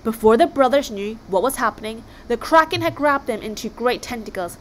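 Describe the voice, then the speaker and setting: A woman reading a children's story aloud in an expressive storytelling way. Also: fairly high pitch, brisk, slight background noise.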